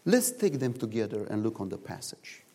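A man preaching a sermon in a church, telling stories in animated, non-native English, recorded in a reverberant hall. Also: fairly low pitch, moderate pace. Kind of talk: sermon with storytelling.

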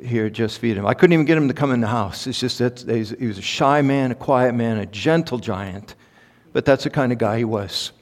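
A man, a pastor, preaching a sermon in a conversational, halting way full of ums, now and then rising to emphatic peaks. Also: medium pitch. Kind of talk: sermon with personal stories. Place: large conference hall. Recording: long hall reverb.

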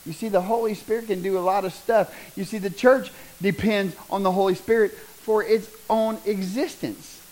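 A middle-aged man preaching a sermon, joking and building to loud bursts. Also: high-pitched, normal speed, hardly any pauses, poor audio. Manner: animated, joking, preaching with rising bursts and laughter.

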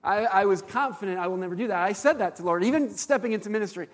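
A man preaching a sermon as a pastor, telling stories in an animated way with frequent fillers. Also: sits high, fast, few pauses, big-room sound.

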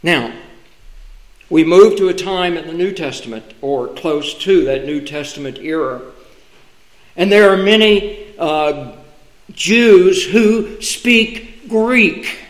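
A man preaching a sermon from the pulpit in a slow, deliberate way, pausing for emphasis. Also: high voice, echoey room, low-quality recording. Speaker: pastor. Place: church sanctuary.

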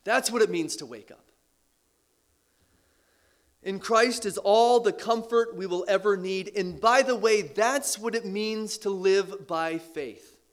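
A man preaching a sermon with earnest emphasis, repeating key phrases and letting his voice drop low at the ends of lines, with the odd light laugh. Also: slow pace. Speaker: pastor.

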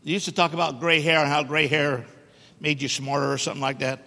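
Bright-voiced preacher in an echoey church. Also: male voice, fairly high pitch, flat delivery, fast talker, gravelly. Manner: emphatic, joking with the congregation. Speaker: guest preacher. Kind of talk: sermon. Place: church sanctuary. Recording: echoey church hall reverb.

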